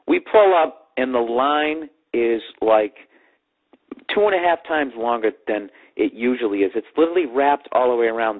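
A man's voice: medium pitch, a little fast. A man telling a profane comic story on his podcast, ranting and sarcastic, mimicking other people's voices. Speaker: comedy podcast host. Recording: tinny lo-fi podcast audio.

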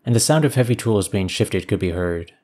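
A man narrating a science fiction story in a measured, even storytelling manner. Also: lowish voice.

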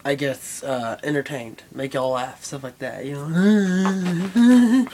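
A man's voice: fairly high pitch, a little mellow, slight background noise. A young man rambling casually and profanely to his camera, with lots of fillers. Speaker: vlogger. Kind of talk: casual vlog chat.

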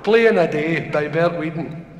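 A man's voice: a little high, measured pace, dull audio, crowd noise. A Scottish man doing live stand-up, telling jokes with rambling, chuckling asides. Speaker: stand-up comedian. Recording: echoey live hall recording with noise.

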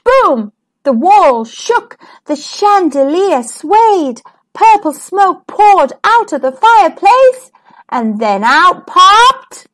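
A woman hosting a children's storytime channel, reading a picture book aloud in a gentle, expressive way. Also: extremely high pitch. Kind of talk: children's read-aloud narration.

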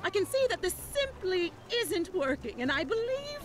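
A woman's voice: very high voice, big pitch swings, moderate pace, a loud crowd. A woman voicing a theatrical female creature pop-star diva in a video game, grandiose and fond of calling people darling. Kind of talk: game character dialogue. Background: game music.

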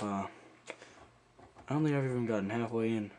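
A man's voice: medium pitch, normal speed, a little mellow. A man giving rambling, playful commentary while he plays, joking around in put-on accents. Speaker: gameplay commentator. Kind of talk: casual let's-play commentary.

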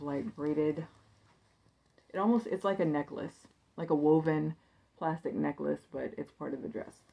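A woman with a low voice walks through a haul of thrifted clothing in an easy, chatty way. Her voice often drops into a gravelly fry. She thinks out loud, stacking fillers as she goes. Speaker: thrift reseller showing a haul. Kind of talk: casual haul video chat.

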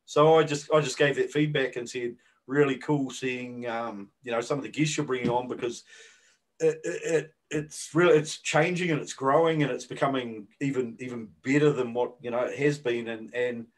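A man's voice: medium pitch, steady tone, normal speed, poor audio. A man with a New Zealand accent co-hosting a podcast, chatting casually and rambling with lots of fillers. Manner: rambling, hesitant with many fillers. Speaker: podcast co-host. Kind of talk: casual chat.

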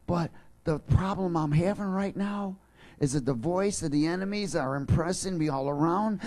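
Fervent preacher man, somewhat high voice. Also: normal speed. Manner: jokey, rising to fervent shouting. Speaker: pastor. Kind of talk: sermon. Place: church.

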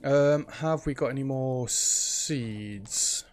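A man's voice: mid-range voice, very slow, darkish tone. A man hosting a let's play, thinking aloud in casual gameplay commentary. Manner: chatty, thinks aloud while playing, frequent ums.

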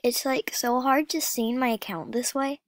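A woman talking casually over a gameplay vlog, often dropping into a soft whisper. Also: high-pitched, fairly even intonation, normal speed, dry recording. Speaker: gaming vlogger.

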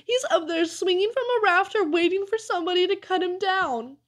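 A woman voicing a high, scared young boy. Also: moderate pace, natural voice.

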